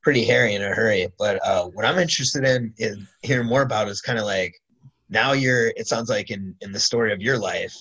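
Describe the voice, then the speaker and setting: A man hosts a casual interview in a fairly low voice. He talks in a relaxed, hesitant way and pauses often to find his words. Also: slightly rough, highs cut off. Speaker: podcast host.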